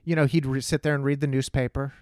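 A man's voice: medium pitch, fast, no echo, studio quality. A middle-aged man from Texas, a stand-up comedian telling stories in casual conversation, blunt and profane, acting out the voices of the people he quotes. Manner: animated storyteller who acts out quoted voices, blunt and profane.

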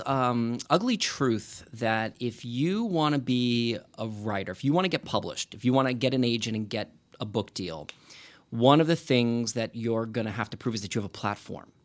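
A man's voice: medium pitch, fairly bright tone. A man talking as a podcast guest, thoughtful and rambling, with many restarts. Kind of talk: casual interview conversation.

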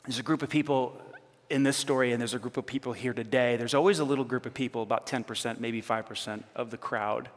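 Animated male pastor preaching in a hall. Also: mid-range voice, fast. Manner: animated, conversational, teasing. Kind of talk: sermon. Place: church. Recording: reverberant church hall.

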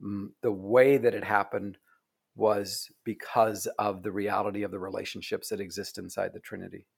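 Low gravelly guy, soft earnest author talk, voice drops off at the ends. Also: little pitch movement, normal speed. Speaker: author guest. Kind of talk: reflective conversation. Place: Oregon.

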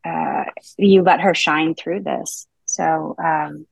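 A woman co-hosting a book podcast, speaking in a measured way and wrapping up the show. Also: low-pitched, fairly even intonation, vocal fry, slightly rough, no room sound. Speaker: podcast co-host. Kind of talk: casual book-club chat.

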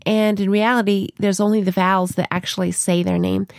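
A woman's voice: mid-range voice, flat delivery, a little fast, creaky, dry recording. A woman co-hosting a podcast, talking casually and explaining her teaching methods with playful little stories. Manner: chatty, explaining with playful examples. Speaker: podcast co-host.

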